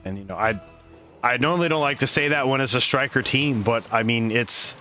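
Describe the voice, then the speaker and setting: Male esports caster, bright tone, quick laughs, live play-by-play. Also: mid-range voice, faint music behind. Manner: excitable, laughs often, rambling asides.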